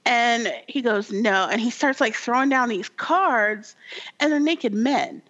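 A woman's voice: fairly high pitch, a little slow, fairly bright tone, dull audio. A woman co-hosting a podcast in casual chat, telling a story animatedly with lots of fillers and acting out the characters. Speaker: podcast co-host.

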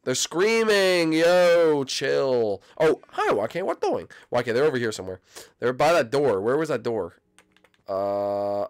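An excitable man hosts his gameplay video with live commentary. His voice swings widely in pitch and jumps into shrill squeals of greeting. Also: measured pace. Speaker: gaming video host.

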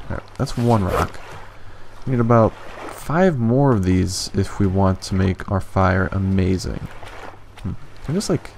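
A young man doing let's play commentary, excitable and swearing often, jumping into high yelps when frustrated. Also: unhurried, gravelly, slight background noise. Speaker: gaming YouTuber.

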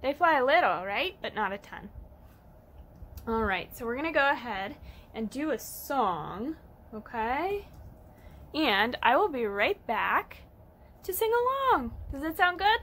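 Animated woman reading to toddlers. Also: high-pitched, unhurried, long pauses. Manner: animated, encouraging, sing-song. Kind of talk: storytime lesson for young children.

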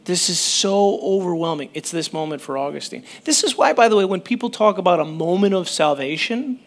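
High-voiced man preaching conversationally. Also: fairly quick. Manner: conversational, animated, breaks off mid-sentence. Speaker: pastor. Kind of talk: sermon.

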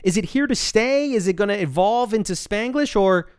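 A man hosting a podcast in a smooth, resonant voice that sits a little high. He sounds dry and close to the mic, with faint music underneath. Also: animated, normal speed, no room sound. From United States. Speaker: podcast host. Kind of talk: scripted show hosting.

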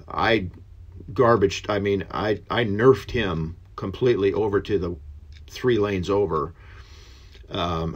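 A man giving a casual, earnest Bible study talk, rambling a little with many pauses and fillers. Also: on the low side, a bit bright, lo-fi sound. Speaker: lay Bible teacher.

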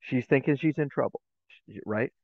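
A man's voice: medium pitch, moderate pace, no room sound. Middle-aged man on a tinny call line. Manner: animated, acts out voices in his stories. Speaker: guest educator. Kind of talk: storytelling in a podcast interview. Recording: tinny, phone-like remote line.

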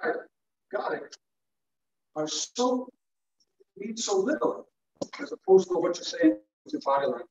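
A male teacher giving a classroom lecture to students, animated and playful, acting out examples as he goes. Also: sits high, measured pace, long pauses. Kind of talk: classroom lecture on public speaking. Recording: echoey classroom from far off, dull.

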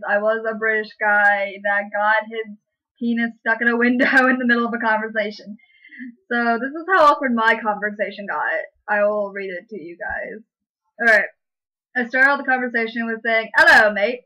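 A woman's voice: a little high, lo-fi sound. A woman vlogger chatting casually and giggling often as she reads an online chat aloud. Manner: giggly, lots of fillers and laughs.

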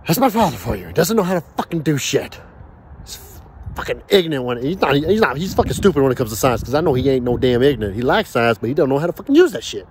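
A man's voice: medium pitch, very animated, fast talker, darkish tone, slight background noise. Profane ranting man at a backyard grill. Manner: angry, profane, rambling. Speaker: vlogger.

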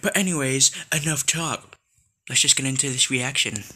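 A man hosting a casual video reaction, excitable and exclaiming at what he watches. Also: medium pitch, moderate pace, a little hiss or hum. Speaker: YouTube reaction host.

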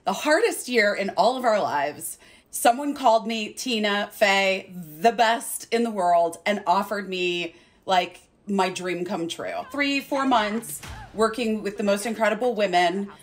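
A woman's voice: mid-range voice, expressive, unhurried. A woman speaking effusively and emotionally as a guest on a video call interview. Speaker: guest actor.

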